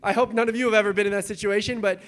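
A young adult man preaching in a casual, animated way, retelling scripture with acted-out quotes. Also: high voice, racing. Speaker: pastor.

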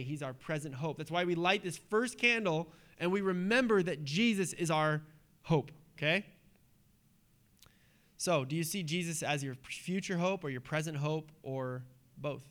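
A man preaching a sermon in a church, animated and conversational, with sudden hushed drops. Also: a little high. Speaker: pastor.

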